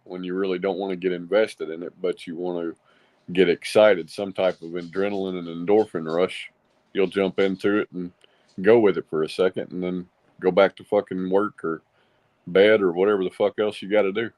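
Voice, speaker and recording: Very deep-voiced man, laid-back. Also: little pitch movement, fairly quick, a little mellow, no echo. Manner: laid-back, laughs often. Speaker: podcast co-host. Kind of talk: casual profane political chat.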